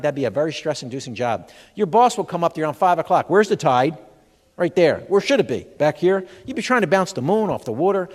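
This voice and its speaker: Lively high-voiced man joking on stage. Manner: jokey, quizzes the audience with rapid questions. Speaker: comedic health educator. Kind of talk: stand-up style seminar talk. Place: large expo hall. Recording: long hall reverb from a live venue.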